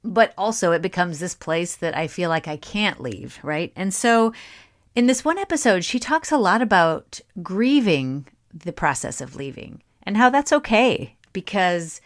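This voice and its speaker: Chatty musing woman podcaster, low-pitched. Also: big pitch swings, measured pace. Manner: chatty, musing, with asides and laughs. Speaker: podcast host. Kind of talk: reflective solo podcast monologue.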